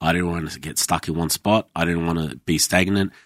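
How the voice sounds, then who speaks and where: A low-pitched man in his thirties talks casually about his years as a chef. He swears freely and slips into other people's voices as he tells his stories. The sound is close and dry. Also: fairly even intonation, a little fast, no echo. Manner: sweary storytelling, acts out quoted voices. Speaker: former chef, guest. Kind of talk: casual podcast chat.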